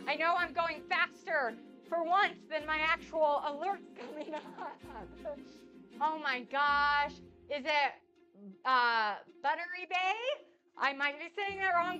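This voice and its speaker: A woman with a high, bright voice chats her way through a live baking stream from her home kitchen. She is bubbly and effusive, piling on thanks and welcomes, with faint music playing behind her. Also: measured pace. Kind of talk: casual live-stream chat while cooking.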